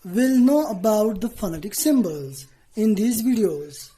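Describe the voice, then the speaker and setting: A woman teacher giving a lesson to students, speaking deliberately, spelling out letters and often checking in with "okay". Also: medium pitch, expressive, mellow, rough recording.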